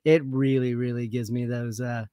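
A man on a podcast as a guest, talking in an animated, self-mocking way and admitting he's nervous. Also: medium pitch, normal speed, dry recording. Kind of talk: casual chat.

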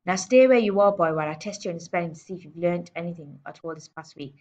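A woman's voice: fairly low pitch, quick pace, darkish tone, lightly acted. A woman putting on a barking, scornful giant headmistress. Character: huge bullying female headmistress, scornful. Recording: dull lo-fi recording.

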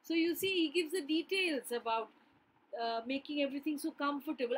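A woman's voice: high voice, expressive, moderate pace, poor audio. A woman teacher explaining a poem line by line, often asking her listeners rhetorical "yes?" questions.

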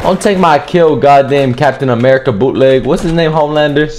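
A young man giving loud, profane gameplay commentary, trash-talking and often shouting. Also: fairly high pitch, fairly quick. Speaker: gamer streaming gameplay.

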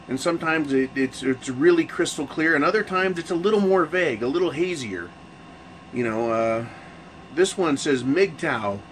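Profane ranting man, slightly high voice. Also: slight background noise, rough recording. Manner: profane, rambling rant with restarts. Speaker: channel host. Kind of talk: casual monologue to camera.

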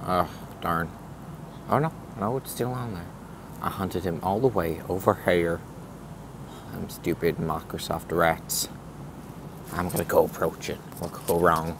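A young man vlogging outdoors in a comic redneck persona, with hushed sneaking mutters and sudden excited exclamations. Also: deep voice, normal speed. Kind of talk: handheld comedy vlog commentary. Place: outdoors in a city. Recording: noisy outdoor street recording.

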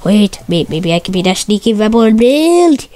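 A woman giving excitable, stuttery gameplay commentary, repeating her exclamations and swapping curses for mild words. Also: medium pitch, fairly quick. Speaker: gamer.

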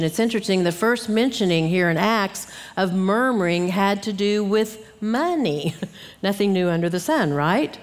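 A middle-aged woman giving an earnest Bible teaching talk at a conference, acting out grumbling asides as she goes. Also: mid-range voice. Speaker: conference speaker. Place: church hall. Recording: long hall reverb.

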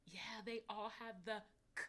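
A woman teaching a recorded phonics lesson to young children, encouraging them and sounding out words slowly and clearly. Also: fairly high pitch, steady tone, sharp tone. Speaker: kindergarten teacher.

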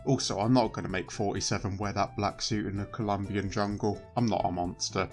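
A man's voice: lowish voice, steady tone, fairly quick, soft background music. A man giving joking commentary over a video game in a dry, sarcastic manner. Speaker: gaming channel host.

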